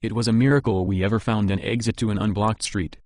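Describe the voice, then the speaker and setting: A man's voice: fairly low pitch, fairly even intonation, fast, a little mellow, no room sound, lightly acted. A man voicing an eager, talkative male engineer.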